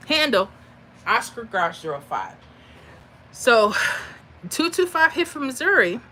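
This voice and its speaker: A middle-aged woman hosts a casual live stream, chatting and telling stories in an animated way with frequent laughter. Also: medium pitch. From Florida. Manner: animated, chatty, laughs often, acts out voices. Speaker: livestream host.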